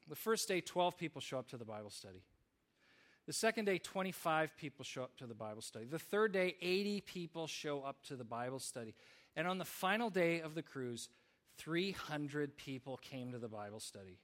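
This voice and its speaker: A man's voice: fairly high pitch, lively intonation, fairly quick, a bit bright. A man preaching a sermon, telling stories in an earnest way with small restarts. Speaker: pastor.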